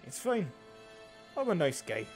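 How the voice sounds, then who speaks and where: A man's voice: on the high side, very animated, unhurried, soft background music, pitched above the performer's own voice. A man doing a hearty dwarf king. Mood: jovial. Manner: folksy, says aye and lad. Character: hearty male dwarf king, gruff but friendly.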